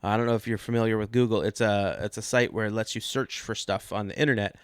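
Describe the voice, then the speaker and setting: A man co-hosts a sports podcast with dry, deadpan comedy, laying out absurd ideas as if they were serious. The sound is dry and close, with no room around it. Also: lowish voice, fast, smooth, dry recording. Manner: deadpan, mock-serious delivery. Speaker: podcast co-host.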